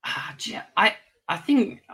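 A ventriloquist talks casually about his work in a bright, forceful voice. He rambles and restarts his sentences often, as if thinking aloud. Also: takes it slowly. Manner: rambling, with many restarts and self-corrections. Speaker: ventriloquist and magician. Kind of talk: casual interview answers.

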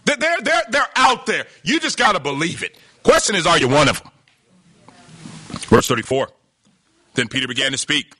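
Guy preaching a sermon, super lively ups and downs, bright edgy voice. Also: on the high side, normal speed, pauses often, no room sound. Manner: animated, emphatic, preaching with laughs and exclamations.

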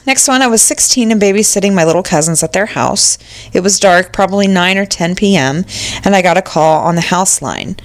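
A woman's voice: mid-range voice, brisk. A woman co-hosting a casual podcast, reading listener stories aloud and reacting with exclamations. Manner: animated, reacts with exclamations and swearing.

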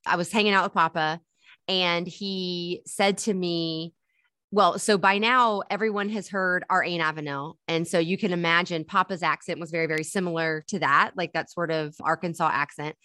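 A young adult woman co-hosting a family podcast, chatty and quick to giggle. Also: lowish voice, steady tone, sharp tone, no room sound, clean studio sound. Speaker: podcast co-host. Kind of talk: casual family podcast chat.

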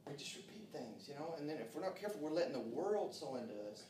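A man's voice: fairly high pitch, expressive, fast talker, darkish tone, slight background noise. A man preaching a sermon in a folksy, fervent way, with frequent amens. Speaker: pastor. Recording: roomy echo, distant from mic.

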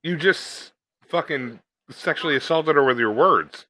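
Bright, dry-voiced sarcastic man. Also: a little high, unhurried, no room sound. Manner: sarcastic, crude, jokey. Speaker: podcast co-host. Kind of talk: casual movie watch-along banter.

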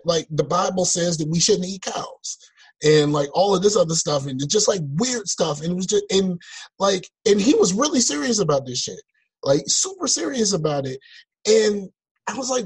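A man co-hosting a podcast in casual chat, talking in animated, exasperated rants over a remote call. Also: high voice, moderate pace, husky, poor audio. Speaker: podcast co-host. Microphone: remote call mic.

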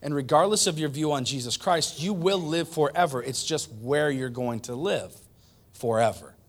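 A man's voice: a little high, moderate pace. A male pastor preaching a conversational sermon, repeating points for emphasis. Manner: conversational, emphatic repetition, animated.

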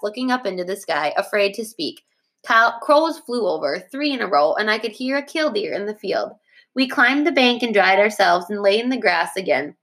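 Lady teacher reading a chapter book out loud to her class, steady and plain, fixes her slips as she goes. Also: medium pitch. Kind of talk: reading a storybook aloud to a class.

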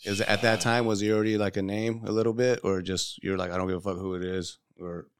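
Low-voiced man asking quick questions. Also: level tone, clear, resonant tone. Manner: quick, curious interjections. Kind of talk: casual podcast chat.

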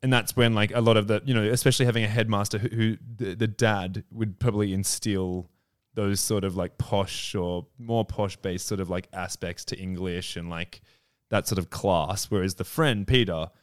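A man's voice: fairly low pitch, steady tone, normal speed, smooth, no echo, clean studio sound. A man co-hosting a podcast, rambling and leaning heavily on filler words. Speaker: podcast co-host. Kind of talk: casual podcast chat.

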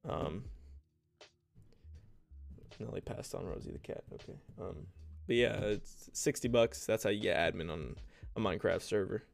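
Gravelly young man rambling on a podcast. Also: lowish voice, moderate pace, long pauses, faint music behind. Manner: rambling, self-deprecating, laughs often. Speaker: podcast host and streamer. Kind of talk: casual solo podcast chat.

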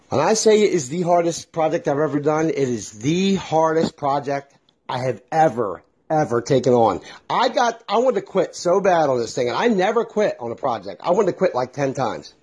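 Animated husky-voiced man ranting. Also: mid-range voice. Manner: animated, swearing, exasperated. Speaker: vlogger. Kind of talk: casual storytelling rant.

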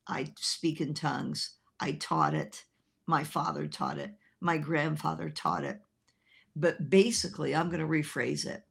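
A woman evangelist preaching a broadcast sermon, telling a story with animated quoted voices. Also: low voice, vocal fry, breathy edge. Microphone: filmed by an assistant.

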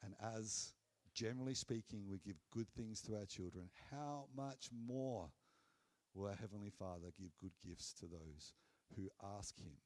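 A man preaching a sermon in an earnest, conversational way, dropping low and soft on key phrases. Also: animated, moderate pace.

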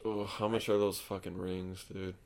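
A man's voice: low voice, flat delivery, normal speed, vocal fry, a little mellow. A young man chatting easily as a podcast guest, saying "dude" a lot. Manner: easygoing, says "dude" a lot. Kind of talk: casual chat.

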